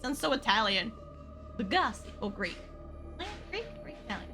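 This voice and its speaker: Over music, a woman streams a video game at a moderate pace, her voice a little high and sing-song. She mutters to herself, swears freely, and hums or sings little nonsense tunes as she plays, giving live commentary on the game.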